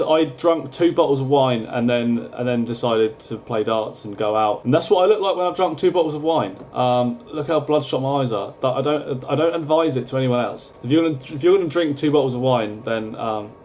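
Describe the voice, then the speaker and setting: A man's voice: medium pitch, darkish tone, a little hiss or hum. A young man chatting casually, rambling and swearing now and then. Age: young adult. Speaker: YouTuber. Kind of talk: casual chat.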